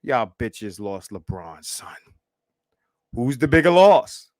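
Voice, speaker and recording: Male livestream host, profane live commentator, slow unhurried delivery, dry close sound. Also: medium pitch, no room sound. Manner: profane, animated and repetitive, laughs often. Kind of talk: casual live commentary reacting to clips.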